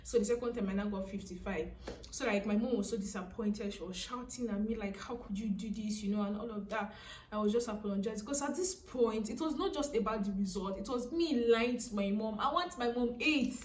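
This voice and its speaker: A young Nigerian woman talks to camera with a fairly high voice, chatty and animated, leaning on "so, like". Her voice sits a little back from the mic, and the room rings around it. A faint hum lies under everything. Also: a little fast, roomy sound, recorded from a distance. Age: young adult. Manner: chatty, animated, laughing, frequent "so, like". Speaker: vlogger. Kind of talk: casual storytime.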